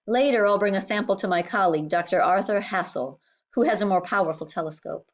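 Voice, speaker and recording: A woman voicing a brisk, kindly male doctor and scientist who explains things eagerly. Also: mid-range voice, lo-fi sound, lightly acted. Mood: explaining.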